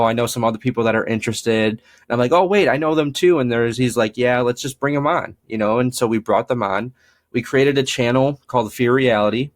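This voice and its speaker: A young man with a mid-range voice, appearing as a paranormal investigator guest in a casual storytelling interview, tells rambling ghost stories. He uses frequent fillers and acts out quoted dialogue.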